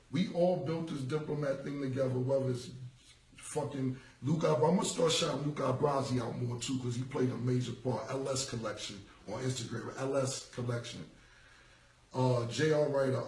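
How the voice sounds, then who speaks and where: A man's voice: medium pitch, creaky, darkish tone, reverberant, far from the mic, a little hiss or hum, rough recording. A man in his forties in a casual livestream monologue, rambling and repeating himself in street slang. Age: 40s. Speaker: rapper. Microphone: phone.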